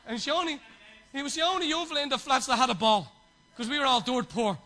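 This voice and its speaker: A preacher with an unusually high, bright, forceful voice delivers a sermon. He exhorts his congregation with passion and slips into chatty, conversational asides. Faint noise sits under the recording. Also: quick pace, low-quality recording.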